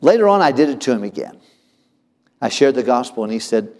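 A male pastor telling a personal story in a sermon, earnest and often dropping to a soft low voice. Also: very animated, a little fast, long pauses. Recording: long hall reverb.

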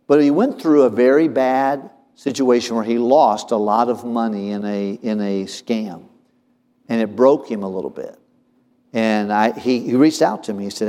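A man's voice: medium pitch, normal speed, mellow. Earnest male pastor in a reverberant hall. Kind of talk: sermon storytelling.

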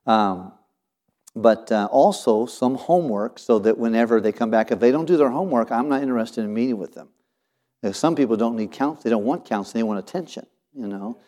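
A man's voice: medium pitch, brisk, warm tone. A middle-aged male pastor talking casually about counseling, with folksy, homespun sayings and frequent restarts.

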